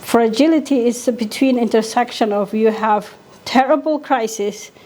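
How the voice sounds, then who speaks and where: A woman's voice: fairly high pitch, moderate pace, a little mellow. Impassioned woman doctor speaking. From Somalia. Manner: emphatic, repeats key points for weight. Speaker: physician giving a conference talk. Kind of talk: impassioned conference speech.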